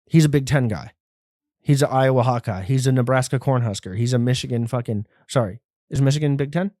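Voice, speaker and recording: A young man hosting a podcast, ranting in a profane, rambling and animated way. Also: medium pitch, a little fast, no echo, clean studio sound. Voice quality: sounds like a white guy, by his own account. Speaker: podcast host. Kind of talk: casual rant.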